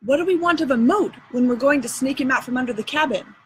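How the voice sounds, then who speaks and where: A woman's voice: high voice, quick pace, a little hiss or hum, close to an everyday voice. A woman doing Huck Finn, doubtful boy. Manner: blunt questioning folksy dialect. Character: plain-spoken boy, doubtful and practical.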